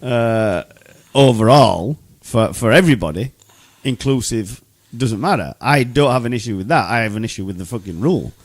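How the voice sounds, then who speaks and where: A man on a podcast ranting hotly and swearing freely. His pitch jumps all over the place, and the voice sits dry and close with no room sound. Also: lively intonation, normal speed, no room sound. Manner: heated, profane ranting. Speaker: podcast co-host. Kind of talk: casual podcast chat. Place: Oshawa, Canada.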